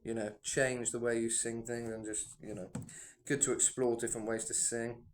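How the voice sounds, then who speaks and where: A man's voice: medium pitch, level tone, normal speed, slight background noise. A man who sings himself, giving rambling, enthusiastic reaction commentary full of fillers. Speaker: music reaction vlogger and singer.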